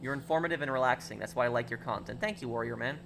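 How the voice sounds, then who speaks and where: A man's voice: medium pitch, rapid-fire, vocal fry, background noise. A man streaming a game, chatting casually with viewers and reading chat aloud, with lots of fillers and restarts. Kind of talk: casual live-stream chat while gaming.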